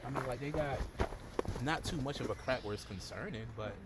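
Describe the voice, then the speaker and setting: A man's voice: medium pitch, brisk, very noisy. A young man co-hosting a casual podcast, joking and easygoing. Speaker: podcast co-host. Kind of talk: casual chat.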